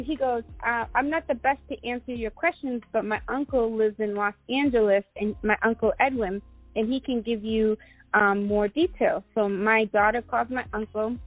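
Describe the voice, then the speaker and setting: Middle-aged woman, fairly high voice, rambling interview storytelling, phone-like sound. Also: steady tone, moderate pace, no echo, soft background music. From Guatemala. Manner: rambling, many fillers and restarts. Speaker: guest entrepreneur.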